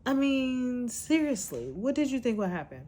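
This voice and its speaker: A woman's voice: fairly high pitch, sing-song, moderate pace, warm tone. A woman hosting a podcast, scolding her subject in a blunt, exasperated rant. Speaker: podcast host. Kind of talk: casual reaction rant.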